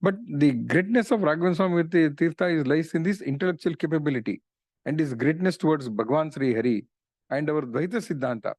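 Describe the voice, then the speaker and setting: A man's voice: a little high, fairly quick, darkish tone, dry recording. Earnest man telling devotional stories. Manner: earnest, retells stories with frequent "you know". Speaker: speaker on religious philosophy. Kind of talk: devotional storytelling talk.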